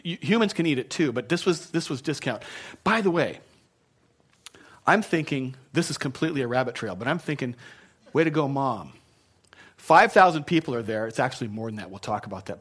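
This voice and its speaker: A man preaching a relaxed, conversational sermon, his voice sitting at an ordinary middle pitch. He is chatty and self-deprecating, stops for many asides and restarts his sentences. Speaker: pastor.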